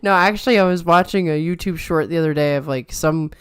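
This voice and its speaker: A woman's voice: lowish voice, fast talker, clean tone, no room sound, clean studio sound. A woman co-hosting a podcast, chatting casually and telling stories with a giggle. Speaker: podcast co-host. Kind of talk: casual chat.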